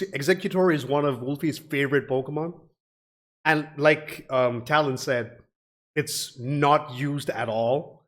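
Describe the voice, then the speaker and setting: Man, casual reaction host, rambly, loose, average pitch. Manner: rambling, swears casually, frequent fillers.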